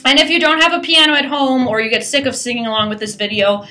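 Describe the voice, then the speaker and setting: A woman's voice: high voice, steady tone, quick pace, few pauses, sharp tone, soft background music. A woman voice teacher giving a private singing lesson, explaining technique and demonstrating by singing, often checking in with "right?".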